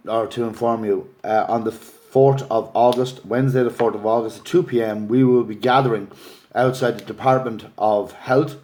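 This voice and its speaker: A man's voice: medium pitch, darkish tone. A middle-aged Irish man, a father and activist, making an earnest, emotional appeal on a livestream. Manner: earnest, pleading, gets emotional. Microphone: phone or laptop livestream.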